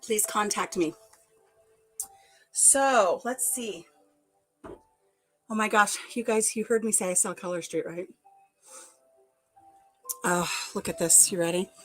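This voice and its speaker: A woman's voice: medium pitch, takes it slowly, long pauses, soft background music, poor audio. A woman vlogger chatting casually to her live viewers while she tidies a craft room. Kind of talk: casual live-stream chat.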